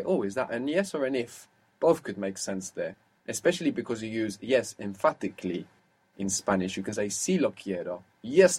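A man's voice: mid-range voice, darkish tone, husky. Patient man teaching a language lesson. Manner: patient, questioning, explains step by step.

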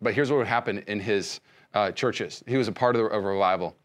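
A male pastor giving a sermon, speaking conversationally with many restarts and swinging between loud emphasis and soft hushed lines. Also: lowish voice, fast. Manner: frequent fillers and restarts, conversational preaching.

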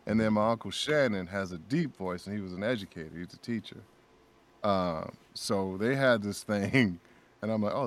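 A man talking as a guest voice actor in a casual podcast chat, an animated storyteller who laughs often and repeats his phrases. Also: fairly low pitch.

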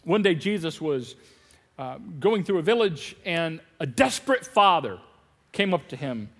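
A man preaching a sermon as pastor, animated, acting out bits of dialogue with laughs. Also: fairly high pitch, unhurried, big-room sound. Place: large church hall.

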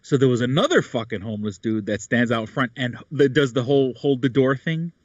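A man's voice: mid-range voice, expressive, fairly quick, dry recording. A man in casual chat, rambling with many fillers and restarts. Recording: dull, dry sound.

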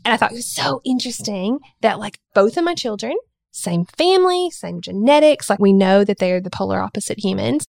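Animated young mother with a gravelly edge. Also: mid-range voice, a little fast, no echo, clean studio sound. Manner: animated, expressive storyteller. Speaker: regular podcast co-host. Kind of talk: casual parenting chat.

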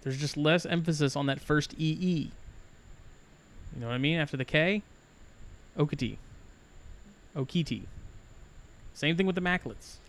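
A man's voice: on the high side, fairly quick, a bit bright. A man co-hosting a podcast, insisting on his point in a casual, stubborn chat. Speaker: podcast co-host.

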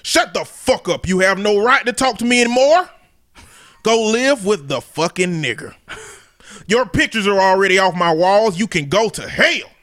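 A man voicing a furious, hateful racist country father yelling over text messages. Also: high-pitched, animated, normal speed. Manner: loud, spitting, hateful. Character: racist country white father, middle-aged, furious and cruel.

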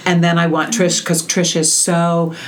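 A woman hosting a casual chat, affirming and quick to chime in. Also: on the low side, flat delivery, a little hiss or hum.

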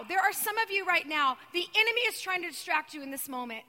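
High, bright-voiced woman preaching. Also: lively intonation, quick pace, hardly any pauses. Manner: dramatic storytelling, swinging between loud cries and hushed near-whispers. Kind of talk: sermon. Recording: long reverb of a large hall.

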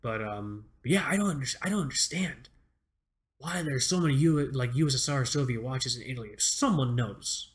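A man's voice: medium pitch, animated, a little fast. A young man co-hosting a podcast in casual chat, rambling, swearing and repeating words, often laughing. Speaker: podcast co-host.

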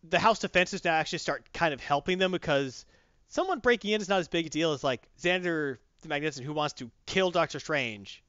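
A rambling, animated man with a raised, lively voice, chatting casually as a comics host. The recording is dry and slightly dull. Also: a little high, brisk, clean tone, dry recording. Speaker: podcast host. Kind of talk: casual comic review chat.

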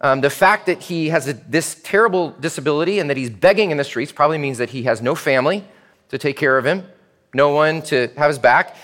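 A man preaching a sermon in church as pastor, animated and speaking directly to the children. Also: a little high, a little fast, long reverb tail.

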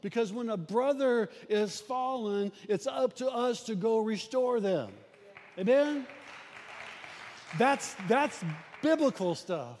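A man's voice: extremely high pitch, lively intonation, slow, a little mellow, a faint crowd. A man preaching a folksy, storytelling sermon as a pastor, with frequent restarts. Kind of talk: conversational sermon. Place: church sanctuary. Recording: long hall reverb in a church.

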